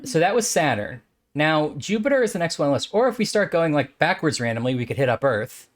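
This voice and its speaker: A man's voice: fairly high pitch, sing-song, quick pace. A man chatting casually while playing a puzzle game, musing and joking as he thinks aloud. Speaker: game player.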